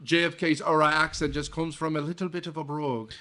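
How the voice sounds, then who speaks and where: This is a man with a slightly higher-than-average voice hosting a casual movie-review podcast. He retells scenes with animated, swearing energy. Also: fast. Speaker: podcast host.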